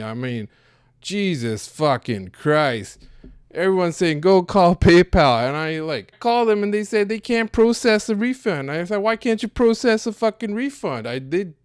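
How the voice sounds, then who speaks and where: Man voicing a profane Canadian guy, Canadian accent, griping and rambling; crisp, close-miked. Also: a little high, no echo, lightly acted. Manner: profane, rambling, slangy storytelling. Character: foul-mouthed Canadian man, scammed and griping.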